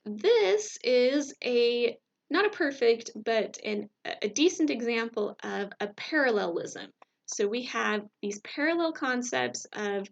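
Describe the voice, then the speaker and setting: A woman giving a recorded classroom lecture, chatty and casual, often checking in with her listeners. Her voice sits a bit high and carries a gravelly fry. The recording sounds dull and lo-fi. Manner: conversational, many fillers and checks like "right?". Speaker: teacher.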